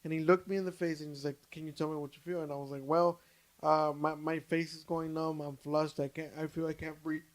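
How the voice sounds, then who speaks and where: A young adult man, a podcast co-host, in loose casual storytelling. His voice sits a touch high for a man, and he keeps swearing, stalling on "uh" and restarting his sentences. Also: fairly quick. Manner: animated, swears freely, many restarts and fillers.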